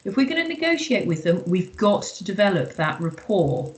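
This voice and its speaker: A woman's voice: mid-range voice, very animated, moderate pace, rough recording. A woman leading an online workshop, chatty and emphatic, with lots of "you know" fillers. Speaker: workshop trainer.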